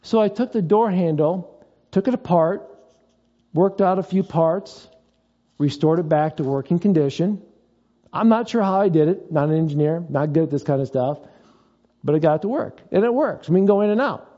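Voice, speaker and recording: A male pastor delivers a conversational sermon in a fairly high yet mellow voice. He mixes scripture with everyday stories from home. The sound is a little dull. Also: lively intonation, moderate pace. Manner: conversational preaching with personal stories.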